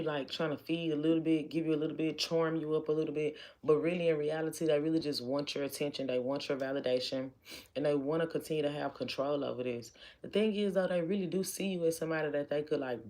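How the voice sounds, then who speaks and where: A tarot reader gives a casual, chatty reading, repeating lines for emphasis. Her voice sits low with a darkish tone.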